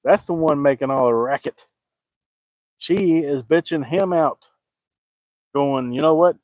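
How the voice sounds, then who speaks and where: A man's voice: on the high side, slow pace, darkish tone, no echo, low-quality recording. Guy fishing outside, folksy and jokey, chatting back at comments, dry sound. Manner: folksy, joking, talks back to viewer comments. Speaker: fishing vlogger. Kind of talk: casual chat to camera. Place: outdoors by the water, fishing.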